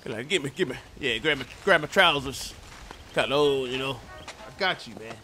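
A man doing let's play commentary, talking back at the game in a loud, brash, profane way. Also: mid-range voice, animated, moderate pace. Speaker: gamer. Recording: game audio and noise behind.

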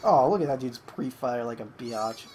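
This young gamer's live gameplay commentary comes at normal speed in a mid-range voice, with a faint hiss in the background. Excitable, he swears at opponents and coaxes a pet in a higher voice.

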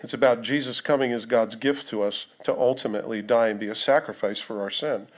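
A man's voice: mid-range voice, a little fast. A male pastor preaching a sermon in a conversational way, reading scripture aloud and putting questions to the congregation.

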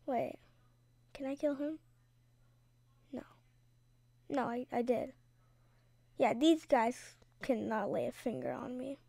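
High, dry-voiced chatty gamer woman. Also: slow pace, gravelly, long pauses, mellow, slightly rough, no echo. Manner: chatty, dramatic, slangy, rambling. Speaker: gaming video creator. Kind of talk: casual gameplay commentary.

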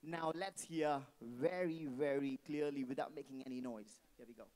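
In a rough recording, a man with a medium-pitched, darkish voice and moderate pace hosts a wedding reception in an indoor hall. He grips a handheld mic, gets the crowd hyped, repeats lines and calls for them to make noise.

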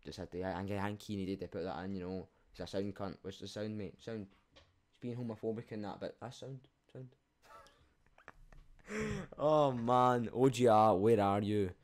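A man's voice: on the low side, steady tone, a little fast, darkish tone. Young scottish guy reacting to comments on his channel, cheeky, swears a lot, laughs at himself. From Scotland. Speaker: YouTuber.

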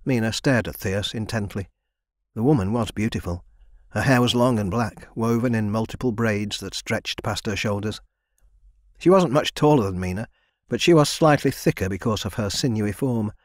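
Guy narrating a fantasy audiobook, lowish voice, steady and measured, dry close mic. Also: no echo. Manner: even and measured. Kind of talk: scripted narration.

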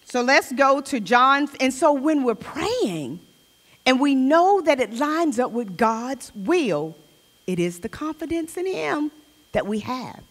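A woman with a fairly high voice teaches a Bible study in a loose, conversational way, often restarting her sentences. She reads scripture aloud between personal asides. The sound carries a long church-hall reverb. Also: big pitch swings, slow.

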